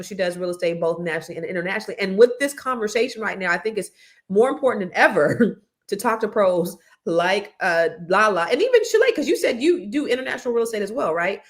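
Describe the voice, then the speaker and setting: A Californian woman hosting a panel talk show in a lively, chatty way. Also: mid-range voice. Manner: lively, chatty, playful with the guests. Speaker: panel host.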